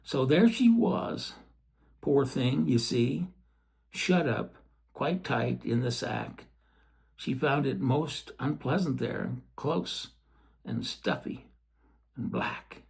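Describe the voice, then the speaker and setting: A man reading a storybook aloud in a gentle way, with chatty asides to the listener. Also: medium pitch, lively intonation, takes it slowly, vocal fry, long pauses, breathy edge.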